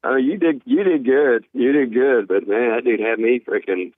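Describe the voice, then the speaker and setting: A man's voice: medium pitch, moderate pace, dry recording. A male caller from Texas, talking in a friendly, emphatic way and repeating his points. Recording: tinny phone line.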